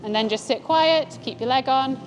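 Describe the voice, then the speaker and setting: A woman giving calm, encouraging instructions as a riding coach. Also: high-pitched, normal speed, soft background music. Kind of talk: coaching a rider. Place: outdoor riding arena.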